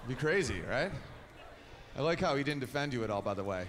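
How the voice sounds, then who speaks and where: A man's voice: medium pitch, lively intonation, a little fast. A man doing a stand-up comedy set in a club, a brash storyteller who acts out both sides of his stories. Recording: noisy club recording with audience.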